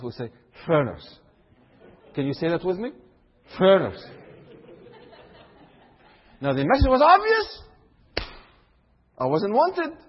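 A man from Syria preaching a sermon, swinging from low asides to loud high exclamations. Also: husky. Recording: long hall reverb, dull lo-fi sound.

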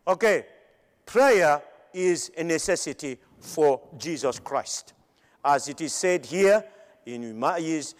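A male preacher giving a sermon in an emphatic way, with pauses and repeated phrases. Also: sits high. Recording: long hall reverb.

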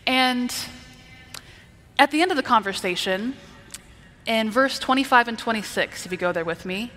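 A woman's voice: fairly high pitch, sharp tone, long reverb tail. A woman preacher giving a conversational Bible teaching, explaining and checking in with her listeners. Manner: explanatory, asks the listeners "right?".

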